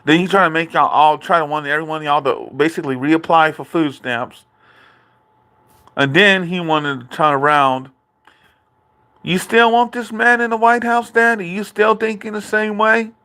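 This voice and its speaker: A man's voice: on the high side, fairly even intonation, normal speed, pushed and bright. A man ranting in a political commentary vlog, indignant and repetitive, speaking directly to his father. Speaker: video creator.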